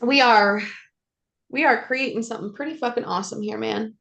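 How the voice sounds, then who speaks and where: Woman host and life coach, effusive, profane, slightly higher voice. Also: a little fast, vocal fry, fairly bright tone. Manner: swears freely, effusive and affectionate. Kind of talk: emotional casual interview chat.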